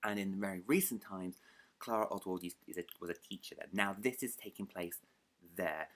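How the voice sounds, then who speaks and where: A man's voice: low voice, a little fast, fairly bright tone. A young British man chatting to camera as a book vlogger, rambling and self-deprecating, often restarting his sentences. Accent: British English. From United Kingdom. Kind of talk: casual chat to camera.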